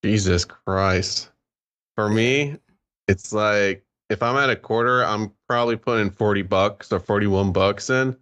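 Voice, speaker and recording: Excitable dude cohosting a podcast, low pitch but bright edgy tone. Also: male voice, a little slow. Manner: animated, exclaiming, swears. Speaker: podcast co-host. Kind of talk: casual chat.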